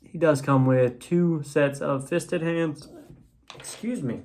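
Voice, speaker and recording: A man's voice: on the high side, fairly even intonation, slow pace, darkish tone. A man casually reviewing an action figure on camera, talking loosely with lots of fillers and restarts. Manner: rambling, many fillers and restarts. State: has the hiccups. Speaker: toy reviewer.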